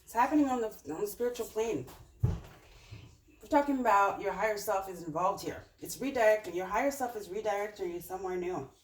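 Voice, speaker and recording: A woman's voice: medium pitch, a little fast, recorded from a distance. A woman giving a casual, rambling tarot reading, talking directly to her viewers with many fillers. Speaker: tarot reader. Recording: roomy, off-mic with faint noise.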